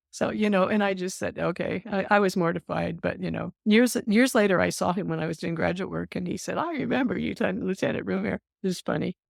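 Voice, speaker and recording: An older woman, a nurse, telling stories in an interview. She is an animated storyteller who acts out the voices she quotes and often says "um". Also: fairly low pitch, moderate pace, gravelly, dry recording, studio quality. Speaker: nurse guest.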